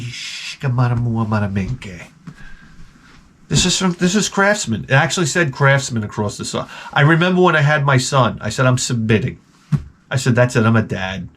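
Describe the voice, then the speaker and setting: A man's voice: medium pitch, fairly bright tone, slight background noise. A man hosting his channel, talking in a rambling comedic monologue and swearing constantly. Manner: rambling, jumps between jokes. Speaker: host of a retro gaming channel.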